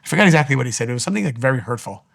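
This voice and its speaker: A man's voice: medium pitch, expressive, racing, gravelly, a bit bright. A man giving a spiritual teaching monologue, speaking earnestly and repeating his exhortations.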